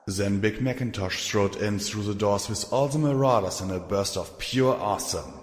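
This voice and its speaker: A man narrating a fan fiction audiobook in a steady, measured way. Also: fairly low pitch. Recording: echoey room with long reverb.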